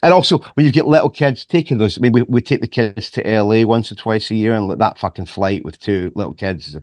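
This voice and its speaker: A middle-aged man from Scotland with a Scottish accent softened toward transatlantic, swearing freely as he chats and tells stories as a podcast guest. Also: lowish voice, quick pace, dry recording. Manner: profane, animated storyteller who repeats words. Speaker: guest author. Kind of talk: casual podcast chat.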